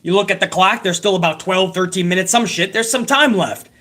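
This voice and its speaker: A man rips through a wrestling show recap in a high-pitched, slightly fast voice that sounds pushed and bright. His outrage is heated and sarcastic, he swears constantly, and he sounds fed up at every turn in this profane rant.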